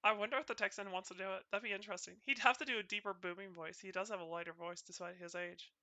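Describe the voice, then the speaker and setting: A woman's voice: mid-range voice, fairly even intonation, fast, pushed and bright, no room sound. A woman with a North Carolina accent, chatting playfully with friends and viewers during a stream, often stumbling over her words. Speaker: VTuber streamer. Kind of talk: casual stream chat.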